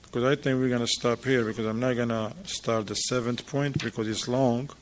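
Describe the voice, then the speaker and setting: A man's voice: mid-range voice, steady tone, a little fast. A man teaching an informal religious class in a mosque, talking with his students, asking them questions and repeating their answers, in English that is not his first language.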